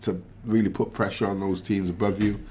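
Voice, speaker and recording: A man talking as a pundit in a casual podcast chat, measured and reflective with frequent fillers. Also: fairly low pitch, level tone, a little mellow. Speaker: pundit, former footballer.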